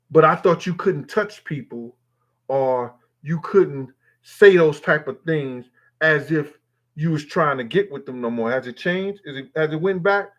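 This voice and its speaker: A man hosting a live stream, reading viewers' comments aloud and answering them in a loose, profane, rambling way. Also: a little high. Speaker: livestream host reading chat. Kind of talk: casual live-stream chat.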